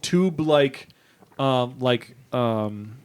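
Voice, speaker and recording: A man co-hosting a podcast, recapping events in a relaxed, rambling way. He leans on filler words and loose asides. His voice sits at an ordinary middle pitch. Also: drawn-out words, clear, resonant tone. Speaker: podcast co-host. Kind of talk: casual chat.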